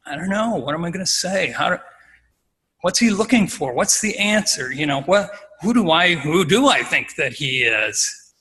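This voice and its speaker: A man's voice: on the high side, animated, normal speed, sharp tone, slightly rough, big-room sound, heavily acted. A man voicing confused male disciples who fumble, unsure how to answer. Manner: hesitant, fumbling.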